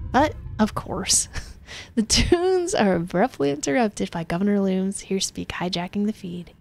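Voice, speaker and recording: Snarky gravelly woman streamer. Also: medium pitch, darkish tone. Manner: snarky, laughing asides. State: voice going hoarse. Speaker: streamer playing a text game. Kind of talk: reading a story game aloud with commentary.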